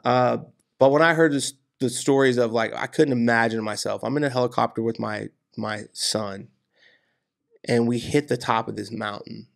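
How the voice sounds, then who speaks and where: A man telling personal stories as a podcast guest, animated and casual, swearing freely and tossing in "dude" and "man". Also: mid-range voice, normal speed, creaky. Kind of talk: casual storytelling interview.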